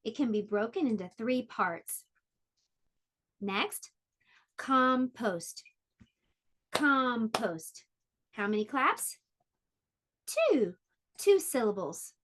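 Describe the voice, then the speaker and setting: A woman teaching small children online, with a bright, slightly high voice. She speaks slowly and in a sing-song way. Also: sing-song. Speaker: pre-K teacher. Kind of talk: online preschool lesson.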